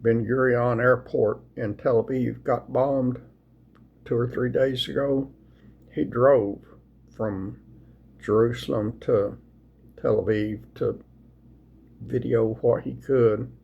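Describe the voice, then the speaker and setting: Sleepy man, husky voice, folksy rambling scripture reader. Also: medium pitch, steady tone, lo-fi sound. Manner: slow, folksy, rambling with restarts. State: sleepy, yawning. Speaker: video host sharing scripture. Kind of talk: casual devotional talk and Bible reading.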